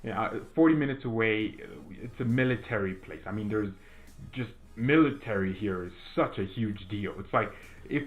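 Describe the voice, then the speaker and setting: A teenage boy from the United States, a gaming streamer and fan commentator, chats casually while playing a video game, rambling with lots of restarts and fillers. His lowish voice moves at a normal speed, and the audio sounds narrow and tinny.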